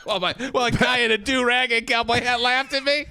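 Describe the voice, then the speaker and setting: A man's voice: extremely high pitch, steady tone, fast, gravelly, sharp tone, clear, resonant tone, dry recording, studio quality. A man co-hosting a podcast in playful casual chat, laughing easily. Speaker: podcast co-host.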